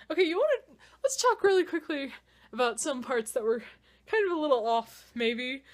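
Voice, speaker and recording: A young woman with a slightly high voice talks through her reaction to a film, swearing freely. She lurches from loud, incredulous outbursts to low, dry mutters, and sounds a little winded. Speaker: vlogger. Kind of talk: casual movie reaction rant.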